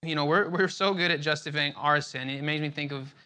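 In a brisk, sharp voice on the high side, a young man teaches from a Bible passage. He talks loosely and conversationally, repeating words, restarting, and using many fillers.

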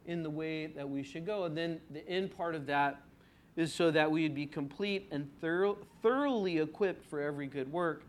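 A man's voice: a little high, normal speed. A man preaching an expository sermon in a conversational way, asking his congregation rhetorical questions and stretching out key words for emphasis. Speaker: pastor.

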